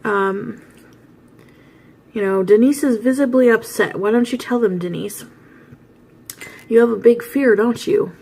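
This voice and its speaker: A woman's voice: a little high, unhurried, pauses often, a little mellow, husky. A woman doing a mocking impression of a smug male daytime talk show host who goads his guest. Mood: goading. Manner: mocking, goading.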